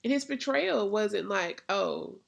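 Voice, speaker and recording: A woman's voice: medium pitch, moderate pace, gravelly. A woman hosting a faith podcast, preaching in a conversational way and often asking "right?". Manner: conversational preaching with rhetorical questions. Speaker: podcast host.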